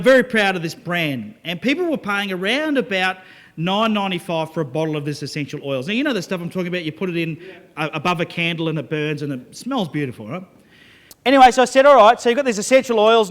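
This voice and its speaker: A man giving a lively, joking sales talk to a live audience. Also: high-pitched. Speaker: business speaker.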